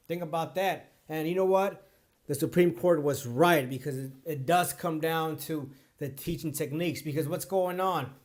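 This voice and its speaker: A man's voice: a little high, normal speed. A man who tutors for the bar exam, speaking straight to his viewers in an earnest, emphatic way and repeating his main points. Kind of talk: direct-to-camera talk.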